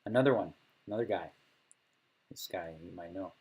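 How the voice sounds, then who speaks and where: A man's voice: sits low, brisk, darkish tone, husky. A middle-aged man casually chatting while streaming poker, laughing often and acting out other players' table talk. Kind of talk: casual chat.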